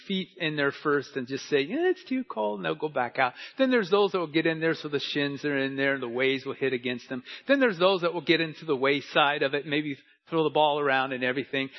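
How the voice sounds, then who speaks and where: A man preaching a sermon, dropping to a near hush and then rising to loud emphatic lines. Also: on the high side. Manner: preaching with wide swings from hushed to emphatic. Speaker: pastor. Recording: dull lo-fi sound.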